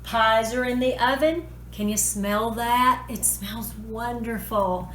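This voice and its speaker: A woman talks through a recipe in a chatty, folksy way. Her voice sits a little high. The kitchen rings with echo, and faint sizzling runs underneath. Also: slow pace, a bit bright. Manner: chatty and homey, folksy phrasing. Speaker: home cooking vlogger. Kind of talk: casual cooking tutorial. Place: home kitchen, food sizzling. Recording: echoey kitchen with cooking noise.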